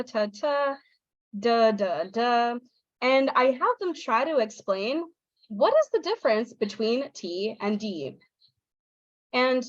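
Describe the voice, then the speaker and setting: A woman presenting a pronunciation lesson online, explaining sounds clearly and acting out her students' replies. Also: on the high side, no echo, muffled recording. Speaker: teacher trainer. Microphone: video call.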